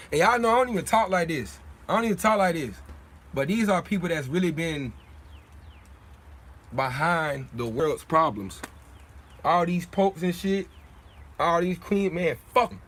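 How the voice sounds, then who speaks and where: A man's voice: sits high, fairly bright tone, a little hiss or hum. A young man hosting a casual livestream, talking in streetwise slang in a preachy way, often repeating his points. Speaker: livestream host.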